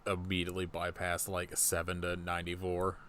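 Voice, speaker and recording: Deep-voiced man cracking dry jokes. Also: completely flat delivery, fairly quick, fairly bright tone, slight background noise. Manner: dry joking asides. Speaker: podcast co-host. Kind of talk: casual movie recap chat.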